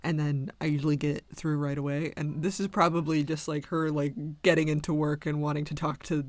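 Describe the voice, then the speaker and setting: Chatty man with a higher voice. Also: level tone, brisk, no room sound. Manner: rambling storytelling, laughs often. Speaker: livestreamer. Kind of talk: casual chat while drawing.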